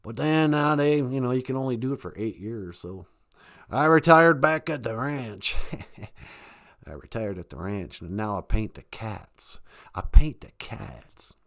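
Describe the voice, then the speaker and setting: A man's voice: medium pitch, expressive, a little slow, fairly bright tone. A man doing an impression of a giggling, sneaky older Southern US politician, with a sly, chuckling drawl. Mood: smug.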